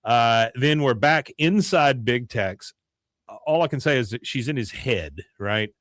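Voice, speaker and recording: Animated male podcast host, conversational recap, very lively pitch, dry close mic. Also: unhurried, no echo. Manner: animated storytelling, slips into character voices. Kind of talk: casual episode recap.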